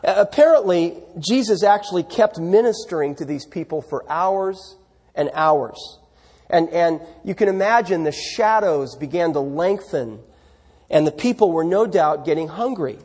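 Male pastor, high and a little breathy, chatty sermon delivery with rhetorical questions. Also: expressive, unhurried, a little mellow, big-room sound. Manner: conversational preaching, rhetorical questions to the congregation.

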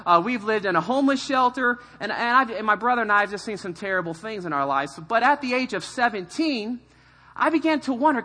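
A middle-aged man from California, a pastor telling his life story in a sermon, animated and self-mocking, acting out quoted voices. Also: high voice, brisk. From California, USA. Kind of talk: sermon testimony.

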